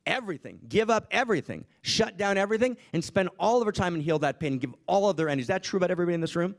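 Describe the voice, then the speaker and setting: A man's voice: high-pitched, animated, rapid-fire, vocal fry, few pauses. A man giving an impassioned inspirational talk to a summit audience, full of rhetorical questions and repeated "right?". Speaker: speaker at a summit. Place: conference room with audience.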